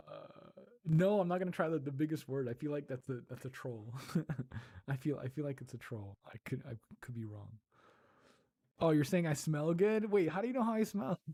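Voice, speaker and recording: An ASMR livestreamer chats casually with viewers, soft-spoken, curious, and quick to giggle. Her mid-range voice has a breathy edge.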